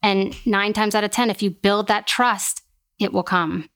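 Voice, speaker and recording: A woman's voice: medium pitch, steady tone, a little slow, a bit bright. A woman who is an occupational therapist and a podcast guest, speaking in a reassuring, emphatic way and often saying "like". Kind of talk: casual interview conversation.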